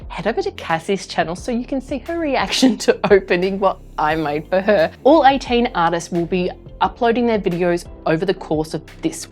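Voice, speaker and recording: A woman with an Australian accent, narrating her craft vlog in a gushing, effusive way as the channel's host. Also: medium pitch. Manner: gushing, effusive and warm-hearted.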